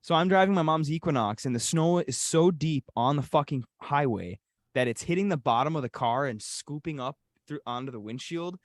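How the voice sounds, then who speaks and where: A man's voice: on the high side, animated, a little fast, dry recording. A young man with an Upper Peninsula Michigan accent telling a story animatedly, swearing often, as a podcast co-host. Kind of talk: casual storytelling.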